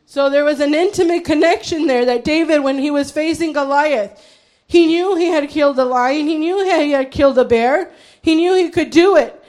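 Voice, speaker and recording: A woman's voice: high-pitched, normal speed. A woman preaching an impassioned sermon, her voice straining as she builds to fervent cries. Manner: fervent, rising to shouts and cries.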